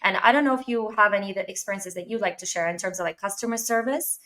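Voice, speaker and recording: Young woman from Canada, podcast host, lively anecdotal delivery, mid-pitched voice, filler-heavy. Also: quick pace. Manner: animated storytelling with frequent fillers and laughs. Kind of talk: casual interview chat.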